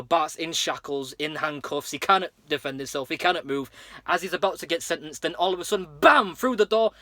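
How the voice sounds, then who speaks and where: A man's voice: fairly high pitch, fairly bright tone, dry recording. A man casually recapping a cartoon episode plot, rambling with lots of fillers and restarts. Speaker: episode reviewer.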